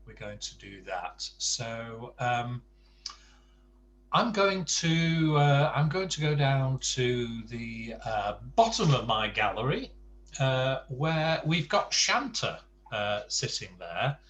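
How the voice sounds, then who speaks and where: A man's voice: fairly high pitch, a bit bright, slight background noise, rough recording. A man teaching an online Spanish class by video call, patient and jokey, with many fillers. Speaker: Spanish tutor.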